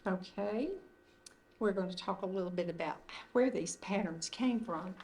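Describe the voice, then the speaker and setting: An older woman leads a retreat group indoors in a meeting room, giving an informal teaching talk that is gentle, conversational, and loosely phrased. Her mid-range voice moves at normal speed, with slight background noise in the recording.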